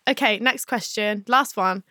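A woman hosting a podcast interview, enthusiastic and quick to laugh. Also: medium pitch, bright, forceful tone, no room sound, studio quality. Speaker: podcast host.

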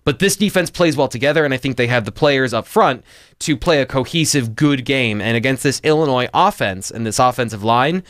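A man's voice: medium pitch, brisk, fairly bright tone, no room sound, clean studio sound. A man co-hosting a sports talk show, breaking down football tactics in casual chat with frequent restarts. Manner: analytical, frequent restarts and fillers. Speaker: football analyst co-host.

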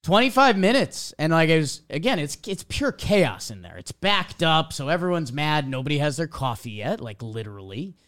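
Young man, podcast host, animated storyteller, slightly high voice, smooth clear tone. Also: normal speed, hardly any pauses. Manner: animated storytelling, acts out quotes.

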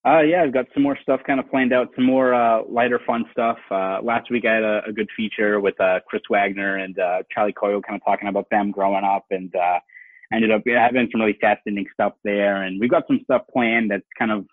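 A fairly low-voiced man with a Boston accent, talking loosely and filling his sentences with "you know" as he chats about the game. His voice comes through a thin, phone-like line in a very dry sound. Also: fairly even intonation, brisk, dry recording. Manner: rambling, many fillers like "you know". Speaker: guest, sports reporter. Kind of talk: casual podcast chat.

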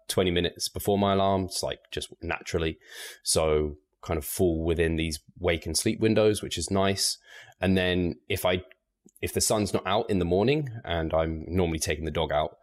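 A man, a guest on a podcast, talking in a relaxed, measured way with light laughs. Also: deep voice. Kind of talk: casual podcast interview.

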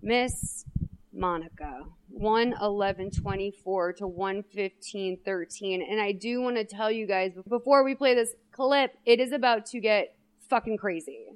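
A woman co-hosting a podcast who recaps a movie in loose, casual chat. She talks in an animated, wry way and swears freely. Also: mid-range voice, normal speed, smooth. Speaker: podcast co-host.

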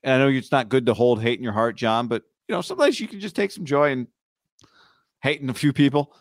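A man co-hosting a casual sports podcast, speaking in a wry, deliberate, sarcastic manner. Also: mid-range voice, expressive, dry recording, studio quality. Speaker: podcast co-host.

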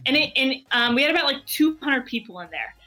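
A woman guest telling a personal story in an animated, excitable way, peppering her speech with "like". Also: high voice, fast, soft background music. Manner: excitable, heavy use of "like". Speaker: guest entrepreneur.

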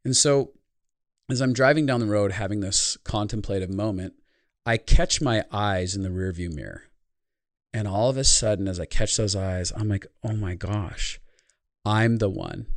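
A man's voice: fairly low pitch, normal speed, no echo. A man speaking as a guest on a podcast, telling a reflective personal story in an earnest tone. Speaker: podcast guest, life consultant. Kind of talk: podcast interview conversation.

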